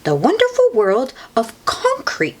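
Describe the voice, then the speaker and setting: Woman doing a calm storybook mummy pig, firm, sensible, lively pitch. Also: unhurried, exaggerated voice.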